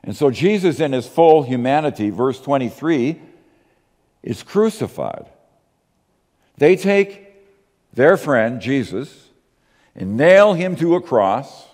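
A man preaching a sermon as pastor, emphatic, asking rhetorical questions and slowing to stress key words. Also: a little high, a little mellow, long reverb tail.

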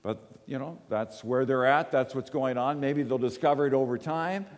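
Man, preacher, conversational sermon, storytelling, frequent check-ins, medium pitch, long hall reverb. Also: normal speed. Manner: animated storyteller, often asks the room "right?".

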